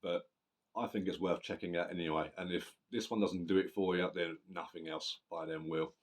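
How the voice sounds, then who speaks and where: A man's voice: deep voice, steady tone, moderate pace. A man casually reviewing a death metal album, rambling and swearing, often correcting himself mid-sentence.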